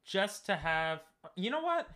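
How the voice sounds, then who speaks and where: A man's voice: high-pitched, very animated, unhurried, bright, forceful tone. Young man streaming a game, chatty. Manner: chatty, joking, talks to chat. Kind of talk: casual gameplay commentary.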